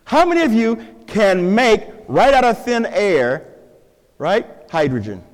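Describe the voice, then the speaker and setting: Lively high-voiced preacher quizzing his congregation. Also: unhurried, big-room sound. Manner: quizzes the congregation with playful questions. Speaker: pastor. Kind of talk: interactive sermon with object lessons. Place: church sanctuary with a live congregation.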